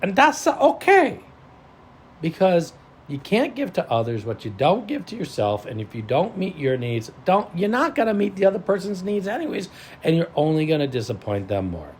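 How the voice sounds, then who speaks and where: This motivational talk comes from a mindset and self-leadership coach whose voice sits high and moves at a moderate pace. His delivery is animated with sudden loud stresses, and the audio carries slight hiss or hum.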